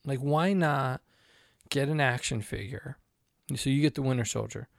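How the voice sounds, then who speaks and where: A man with a gravelly, fry-edged voice, talking through ideas in a loose, animated way with plenty of restarts. The sound is dry and close, with no room echo. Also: medium pitch, moderate pace. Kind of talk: casual conversation.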